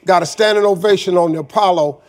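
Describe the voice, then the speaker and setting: A man's voice: sits high, quick pace, faint music behind. A middle-aged man telling a personal story in a folksy, casual way, often adding "man". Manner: folksy, says "man" often, Southern Black vernacular. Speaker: guest storyteller. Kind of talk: personal story told to an audience.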